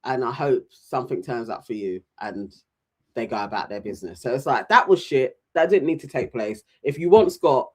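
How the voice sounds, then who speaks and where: A man's voice: medium pitch, moderate pace. A man co-hosting a casual chat, recapping reality TV and acting out the people he quotes. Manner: animated, mimics voices when retelling scenes. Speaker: podcast co-host.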